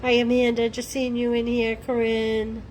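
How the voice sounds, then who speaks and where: A woman's voice: a little high, completely flat delivery, moderate pace, darkish tone, a little hiss or hum, rough recording. A middle-aged woman with a Boston accent hosting a live crafting demo, chatting to viewers in a self-deprecating way. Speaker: craft livestream host.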